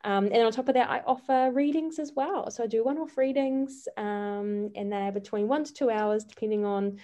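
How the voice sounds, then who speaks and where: A woman's voice: fairly high pitch, normal speed, mellow. A woman, a life coach speaking earnestly as a podcast guest, with frequent fillers and restarts. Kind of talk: casual interview chat.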